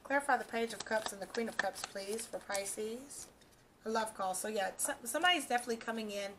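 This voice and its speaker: A woman's voice: a little high, brisk, heavy background noise. A woman doing a casual tarot reading for her channel, talking straight to the viewer and reassuring them, often checking in with "okay" and "all right". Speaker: tarot reader.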